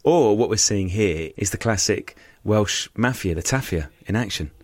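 A man's voice: lowish voice, normal speed, dry recording. A man co-hosting a podcast who reads an ad segment and makes teasing jokes in a casual way. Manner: jokey, teasing, lively intonation. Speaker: podcast co-host. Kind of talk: casual chat and read ad.

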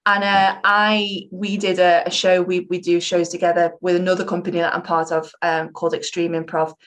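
A young woman who performs improv, chatting in an interview with a slightly low voice. She talks in an animated, rambling way and likes to poke fun at herself. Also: moderate pace. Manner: chatty, animated, self-mocking. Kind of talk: casual interview chat.

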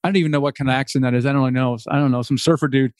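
Animated male podcast guest, dry sound. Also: mid-range voice, racing, clean tone, no room sound. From United States. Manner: animated storyteller, acts out voices. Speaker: guest, real estate investor. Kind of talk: podcast interview conversation.

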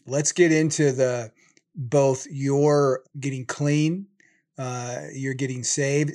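A male host with an ordinary mid-range voice guides his guest through the conversation. He talks in a relaxed, conversational way, setting up the next part of the story with a quick question. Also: medium pitch. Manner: conversational, steering the talk. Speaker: podcast host. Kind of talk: interview questions.

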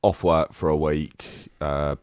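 A man's voice: extremely low pitch, level tone, slow pace, a little mellow, smooth, no echo. A man with a Cockney accent, co-hosting a podcast in a laid-back, blokey way. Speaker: podcast co-host. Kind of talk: casual podcast chat.

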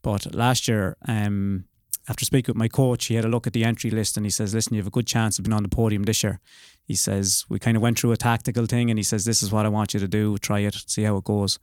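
A man's voice: on the low side, level tone, fast, few pauses, a little mellow, no echo, studio quality. An Irish man being interviewed on a podcast about winning a race, easygoing and modest, with frequent ums. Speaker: podcast guest, race winner. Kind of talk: casual interview.

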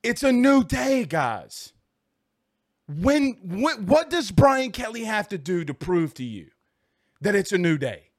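A high-pitched man delivers a heated sports rant straight to his listeners. He repeats himself for emphasis and keeps pushing his point in a casual, talk-show way. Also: sing-song, slow pace. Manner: heated, repetitive, talks straight at the audience. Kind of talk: casual ranting commentary.

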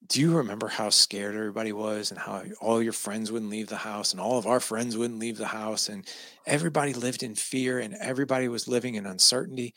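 Gravelly man telling an emotional story. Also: on the low side, fairly even intonation, fairly quick, sharp tone, no room sound. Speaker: guest. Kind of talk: personal storytelling.

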